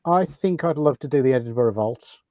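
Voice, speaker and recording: A man on a paranormal chat panel, answering thoughtfully and quickening when he gets enthused. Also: medium pitch, expressive, darkish tone, muffled recording.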